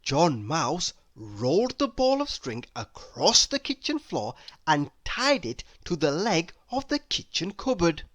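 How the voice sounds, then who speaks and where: A woman reading a children's storybook aloud in an expressive manner, now and then asking the listener questions. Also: lowish voice, unhurried, hardly any pauses, no echo. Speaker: storybook reader.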